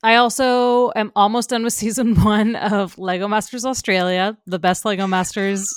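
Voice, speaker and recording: A woman co-hosts a laid-back pop culture podcast, gushing with quick laughs. Her voice comes through smooth and clear, recorded close and dry with no room sound. Her pitch sits in a mid range. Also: little pitch movement, no room sound. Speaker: podcast co-host. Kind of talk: casual pop culture chat.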